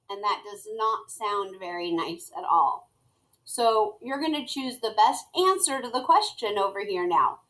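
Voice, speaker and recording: A middle-aged woman teacher walks her students through a tutorial at an unhurried, deliberate pace. She speaks at a medium pitch and explains each step as she types it. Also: expressive, a bit bright, low-quality recording. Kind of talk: screen-recorded classroom tutorial.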